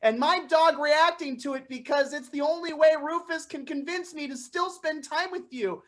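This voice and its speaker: A young woman improv performer playing an excitable dog owner at a park, animated and prone to shouting. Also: high voice, normal speed, lightly acted.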